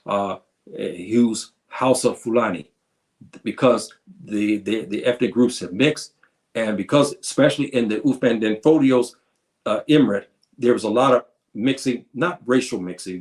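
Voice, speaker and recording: Man giving a halting history lecture. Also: mid-range voice. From United States. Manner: addresses listeners as brothers and sisters, halting with repeats. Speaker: history presenter. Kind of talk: informal video lecture.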